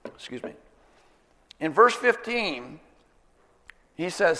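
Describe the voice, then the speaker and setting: High-voiced man preaching in a hall. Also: expressive, a bit bright. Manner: earnest, emphatic teaching with slowed stresses. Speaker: pastor. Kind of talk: sermon.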